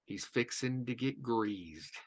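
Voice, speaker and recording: A man quoting a laconic male fishing guide in his own voice, low and terse. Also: lively intonation, slow pace.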